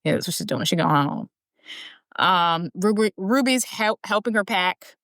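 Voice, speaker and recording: A woman's voice: mid-range voice, lively intonation, a little slow, fairly bright tone, dry recording. A woman co-hosting a podcast, bluntly recapping a movie in casual chat, filler words throughout. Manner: blunt, crude, many "like" fillers. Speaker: podcast co-host.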